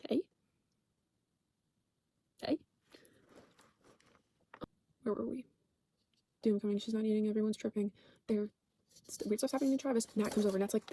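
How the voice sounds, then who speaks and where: A woman's voice: on the high side, steady tone, normal speed, pauses often, dark tone, slightly rough. A woman casually recapping a TV show for her channel, rambling, swearing and saying "like" constantly while she corrects herself.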